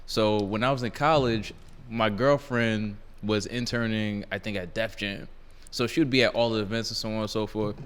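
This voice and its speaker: Smooth-voiced rambling male co-host. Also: fairly low pitch, steady tone, moderate pace, few pauses, long reverb tail. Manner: rambling, laid-back storytelling with many fillers. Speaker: podcast co-host. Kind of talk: casual chat.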